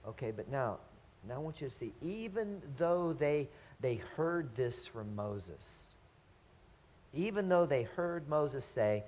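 A man's voice: medium pitch, lively intonation, measured pace, darkish tone, a little hiss or hum. Earnest middle-aged male preacher, lo-fi. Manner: earnest, asks the congregation rhetorical questions, restarts phrases. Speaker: pastor. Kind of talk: sermon. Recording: dull lo-fi sermon recording.

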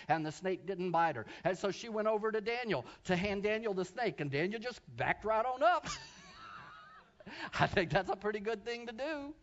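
A pastor tells a story from the pulpit in a fairly high voice, dropping into quiet asides and then rising into loud, shouted preaching. His sermon sounds a little muffled, like a church telecast.

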